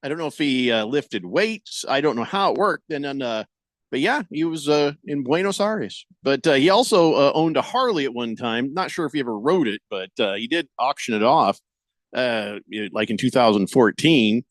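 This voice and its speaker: A man's voice: mid-range voice, animated, moderate pace, no echo, clean studio sound. Wry rambling male radio host. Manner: rambling, wry, reads listener chat comments aloud. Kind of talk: casual sports radio chat.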